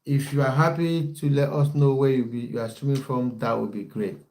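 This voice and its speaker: A young man hosts a relaxed football livestream, talking to his viewers in a warm, mellow voice. He chats loosely, breaks off often and restarts his sentences, and reads out their comments as they arrive. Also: mid-range voice, brisk. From based in the United Kingdom. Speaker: football coach and livestream host. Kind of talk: casual livestream chat with viewers.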